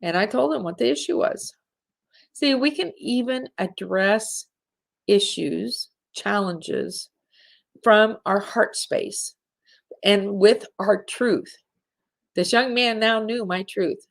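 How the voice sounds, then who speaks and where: A woman's voice: medium pitch, takes it slowly, vocal fry. A middle-aged woman hosting a live spiritual talk show, speaking in an earnest, heartfelt way to her listeners.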